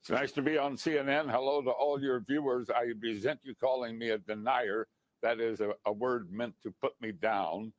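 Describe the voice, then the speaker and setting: A man's voice: mid-range voice, fairly even intonation, moderate pace, no room sound. An older man speaking as a guest in a TV news interview, indignant and insistent.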